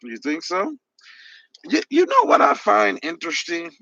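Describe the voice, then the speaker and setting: A man's voice: sits high, wildly swooping pitch, unhurried, creaky, sharp tone, no echo, lo-fi sound. A man hosting a podcast livestream, answering chat messages with sarcastic, mocking rants. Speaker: podcast host reading live chat. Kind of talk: heated livestream commentary.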